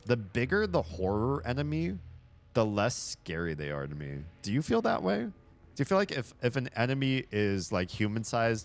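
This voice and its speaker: A young man with a deep, low voice talks his way through a horror game in loose, casual commentary. He swears freely and laughs at his own jokes as he goes. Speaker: streamer playing a horror game. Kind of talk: casual let's-play commentary.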